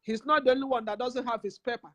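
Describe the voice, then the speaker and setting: A woman's voice: on the high side, fairly even intonation, fast, bright, forceful tone, no room sound, lo-fi sound. A woman from Nigeria with a Nigerian English accent, making an impassioned, preachy vlog appeal full of repeated phrases. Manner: emphatic, repetitive, preachy. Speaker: community vlogger.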